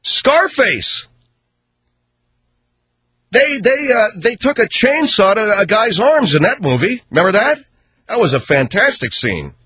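A man hosting a talk radio show, giving opinionated commentary in a ranting, sarcastic way. He swings between loud outbursts and low mutters. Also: very animated, moderate pace, slightly rough, no echo.

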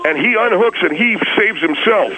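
A man playing Steve Dooley, a bright-voiced rambler. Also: high voice, expressive, normal speed, poor audio. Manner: rambling, defensive storytelling. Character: hapless, defensive small-town man, middle-aged. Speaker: recurring comedy character on a radio show. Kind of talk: improvised radio comedy bit.

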